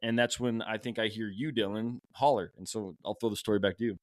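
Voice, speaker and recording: A man hosting a podcast, telling a hunting story in a casual, animated way and acting out what people shouted. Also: fairly low pitch, fairly quick, dry recording, studio quality. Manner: animated, acts out shouted quotes. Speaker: podcast host.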